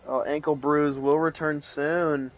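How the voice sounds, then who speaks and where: A young man casually commentating a football video game, rambling with restarts and sudden excited bursts. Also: on the high side, unhurried, highs cut off, soft background music. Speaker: play-by-play commentator.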